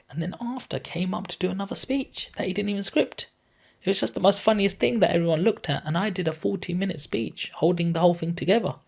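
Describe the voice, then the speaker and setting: Husky man in his thirties, heartfelt. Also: fairly high pitch. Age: 30s. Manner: earnest, heartfelt, rambling retelling. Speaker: podcast guest. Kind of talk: emotional personal storytelling.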